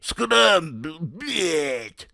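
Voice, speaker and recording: A man's voice: on the high side, sing-song, very slow, creaky, pushed and bright, no echo, studio quality, voice pushed up, exaggerated voice. A man voicing a boastful, drunken male cartoon bear who blusters in a raised voice. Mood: blustering. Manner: blustery, then tempted.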